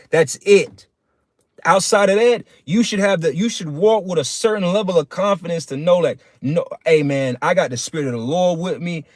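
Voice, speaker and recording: A man's voice: high voice, darkish tone, no room sound, studio quality. Man preaching in a street-casual style. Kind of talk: casual livestream sermon.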